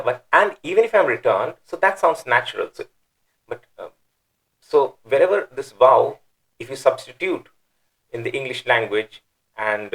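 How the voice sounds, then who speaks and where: Man, Quran grammar teacher, mid-pitched voice, pauses and restarts, slow stressed words. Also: poor audio. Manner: thinks aloud, with fillers and restarts; stresses words, breaks them down slowly. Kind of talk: explaining Arabic grammar.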